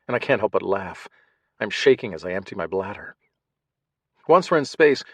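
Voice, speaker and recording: A man narrating an audiobook in first person, measured, shifting between hushed and tense passages. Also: fairly low pitch, slightly rough, dry recording.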